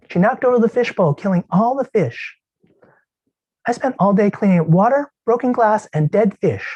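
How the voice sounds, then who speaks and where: A man's voice: high-pitched, a little mellow, pitched above the performer's own voice. A man putting on an exasperated nagging wife. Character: exasperated complaining wife, adult woman.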